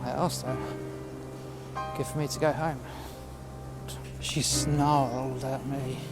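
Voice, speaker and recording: A man's voice: medium pitch, steady tone, slow pace, loud music behind the voice. Bitter, foul-mouthed man ranting. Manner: aggrieved, profane, bitter. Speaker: storyteller. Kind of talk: fictional workplace rant monologue. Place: outdoors in freezing cold.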